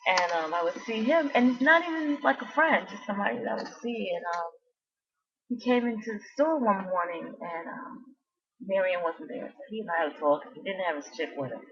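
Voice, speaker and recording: A woman of medium pitch with a slightly rough voice speaks fairly quickly in casual vlog chat. The dull lo-fi recording carries a meandering story with many asides and restarts.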